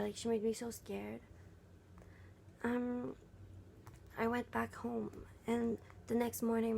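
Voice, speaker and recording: A young woman venting in a casual vlog, speaking softly and haltingly with many fillers, her voice gravelly and often half-whispered. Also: on the high side, slight background noise. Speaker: vlogger.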